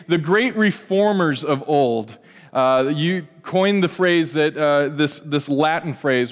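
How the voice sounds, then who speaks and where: Earnest pastor, reverberant church. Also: male voice, fairly high pitch, a little slow. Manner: earnest, conversational preaching with many restarts. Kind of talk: sermon.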